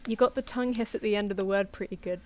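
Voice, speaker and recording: Racing along in a medium-pitched, darkish voice, a young artist chats casually while drawing live commissions on stream. She tells anecdotes, laughs frequently, and performs the quotes.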